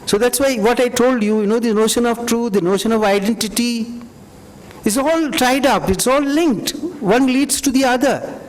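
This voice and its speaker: Speaking at normal speed in a very high-pitched voice, a man delivers a reflective, conversational university lecture and takes audience questions, often saying "you know." The recording carries the reverb of the lecture hall.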